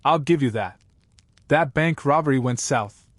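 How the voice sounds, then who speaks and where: A man's voice: medium pitch, measured pace, dry recording, lightly acted. A man voicing a sly, taunting outlaw. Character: sly wounded outlaw man, grinning, calm.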